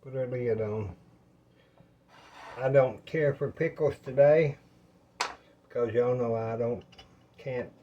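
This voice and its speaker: Man, home cooking vlogger, slow unhurried folksy patter, faint room hiss behind. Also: medium pitch, highs cut off. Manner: folksy, rambling, talks to viewers as y'all. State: out of breath. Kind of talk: casual cooking talk to viewers. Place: home kitchen.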